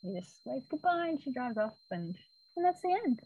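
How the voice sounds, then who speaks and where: Woman podcast host, higher pitch, dry close sound; lively recap chatter with voiced quotes. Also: normal speed, husky, dry recording, phone-quality sound. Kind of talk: casual recap chat.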